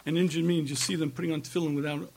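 A middle-aged man giving an impassioned religious lecture, emphatic and repetitive, with rhetorical questions and frequent throat-clearing. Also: a little high, little pitch movement, rapid-fire, darkish tone, a little hiss or hum. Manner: emphatic, rhetorical questions, repeats phrases for force. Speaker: rabbi giving a talk.

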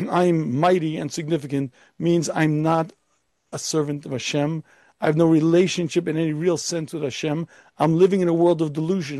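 A man teaching Torah as a rabbi, emphatic and full of rhetorical questions. His voice sits a little high but sounds mellow and soft-edged, and the recording is dry and close. He sometimes slips into a pompous, self-important voice to make his point. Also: dry recording. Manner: acts out a pompous, arrogant voice. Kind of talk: Torah lecture.

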